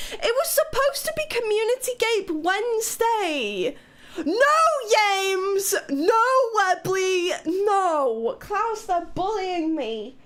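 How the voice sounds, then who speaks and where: A woman from Wales with a British accent, chatting casually and excitably on a live stream, giggling and swearing as she reacts to chat. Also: extremely high pitch. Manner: giggly, excitable, swears a lot, playful exclamations.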